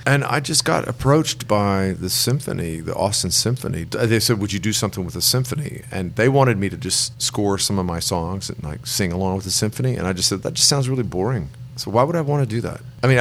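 A man's voice: fairly low pitch, lively intonation, a little fast, vocal fry. A middle-aged man, a songwriter guest, telling long rambling anecdotes and acting out the people he quotes. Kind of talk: relaxed storytelling in an interview.

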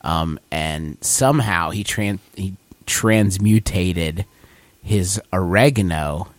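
A man's voice: low-pitched, slow pace, dry recording. A man playing a tabletop game, rambling through a story with chuckles. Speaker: player. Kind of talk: casual chat.

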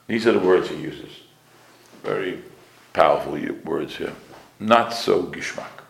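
Gravelly-voiced rabbi teaching a class. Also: male voice, deep voice, a little slow, pauses often, reverberant. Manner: explains Hebrew phrases, repeats key words, asks the class questions. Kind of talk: Torah class lecture.

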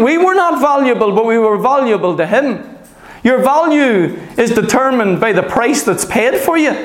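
A man preaching a sermon, earnest and emphatic, repeating his points and asking "Okay?" and "Amen?". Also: very high-pitched. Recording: echoey room.

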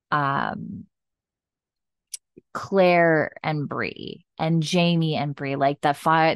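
Woman podcast host, low and smooth, effusive casual recap style. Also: dry recording, studio quality. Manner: gushing, chatty, full of fillers.

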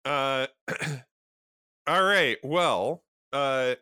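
A man's voice: mid-range voice, extremely slow, pushed and bright, clean tone. A man co-hosting a podcast in casual chat who steers the talk and rambles with many restarts. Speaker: podcast co-host.

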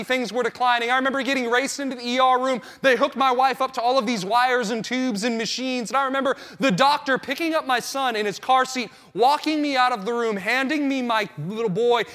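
Guy pastor in his 30s, pretty high bright voice, acts out the stories big. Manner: animated storytelling, acting out his own panic. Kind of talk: sermon.

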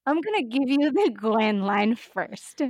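A woman chats on a podcast in a slightly high voice, animated and giggly. She acts out the lines she quotes. The sound is close and dry. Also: unhurried, no echo. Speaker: podcast co-host. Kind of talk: casual chat.

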